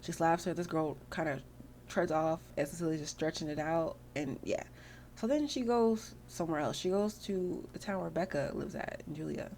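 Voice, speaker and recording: A woman rambles through casual commentary over her gameplay, chatty and full of filler words. Her voice sits fairly low and carries a gravelly fry. A faint hum runs underneath. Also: moderate pace, darkish tone. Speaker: gaming channel host.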